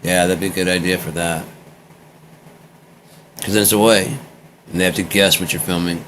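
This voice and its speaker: A man's voice: low-pitched, fairly even intonation, normal speed, a bit bright, slight background noise. An American man talking casually in a meandering, drifting monologue, trailing off and jumping between topics. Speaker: vlogger recording a personal journal.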